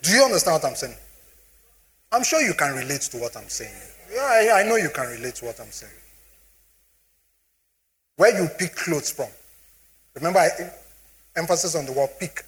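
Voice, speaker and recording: A man's voice: on the high side, fast. A middle-aged man with a Nigerian accent giving a motivational finance talk, often asking the audience if they follow him. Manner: animated, asks the audience questions often. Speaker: speaker on personal finance.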